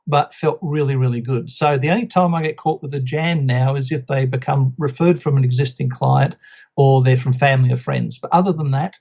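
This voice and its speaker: A man's voice: medium pitch, a little fast, creaky, darkish tone. A middle-aged man, chatting as an interview guest and telling anecdotes with quoted voices. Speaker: guest, business coach. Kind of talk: casual interview storytelling. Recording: slightly muffled lo-fi audio.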